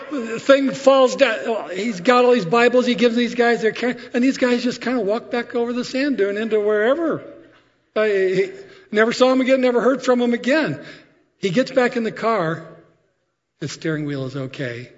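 A man preaching a sermon, telling stories in a conversational, animated way with frequent asides. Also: very high voice, normal speed, big-room sound, highs cut off. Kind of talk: sermon storytelling.

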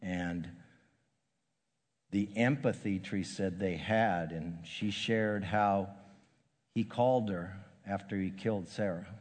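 An older man delivering a sermon in a low voice, stopping and repeating words as he gathers himself. His speech often sinks to a hushed softness. The sound carries a long reverb, as from a large hall. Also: fairly even intonation. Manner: halting, repeats and restarts words, grows hushed and soft. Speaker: pastor.

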